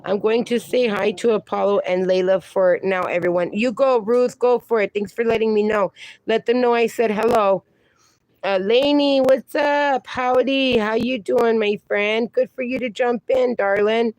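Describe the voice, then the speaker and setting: A woman's voice: a little high, steady tone, moderate pace, a little mellow, dry recording. A middle-aged woman hosting a casual livestream, reading viewer comments aloud and baby-talking to her dogs. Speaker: livestream host.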